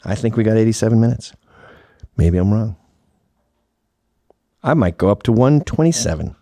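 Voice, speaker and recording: A man's voice: fairly low pitch, lively intonation, normal speed, mellow, no room sound. Mocking, profane male show host. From Canada. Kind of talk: sardonic commentary over clips.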